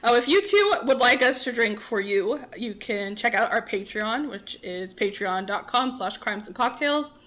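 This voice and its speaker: A woman's voice: fairly high pitch, expressive, moderate pace, few pauses, fairly bright tone. A woman about to turn thirty, co-hosting a podcast and joking about herself with plenty of giggles. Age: 30s. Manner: self-deprecating, giggly. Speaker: podcast co-host. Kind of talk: casual chat.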